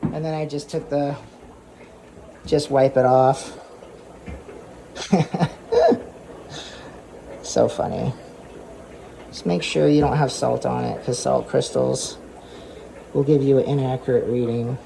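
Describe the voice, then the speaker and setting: A man's voice: mid-range voice, fairly even intonation, unhurried, vocal fry, pauses often, warm tone, slight background noise. A man hosting a casual home aquarium vlog, chatty and rambling, repeating himself and amused by his own jokes. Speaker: aquarium hobbyist channel host. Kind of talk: casual show-and-tell vlog.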